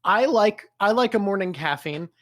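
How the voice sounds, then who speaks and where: A man's voice: high voice, lively intonation, normal speed, a bit bright, dry recording, clean studio sound. A man hosting a live stream, chatting casually, swearing freely and laughing often. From Canada. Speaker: streamer and show host.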